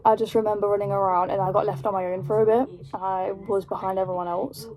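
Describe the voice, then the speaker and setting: A woman's voice: medium pitch, quick pace. Chatty British young woman telling a story. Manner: rambling, animated storytelling full of fillers. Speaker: vlogger. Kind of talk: casual storytime chat.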